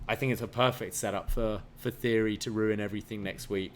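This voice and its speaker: A man's voice: on the low side, steady tone, a little fast, a little hiss or hum. A man co-hosting a podcast in casual chat, laying out his opinions in a thoughtful, explaining way. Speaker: podcast co-host.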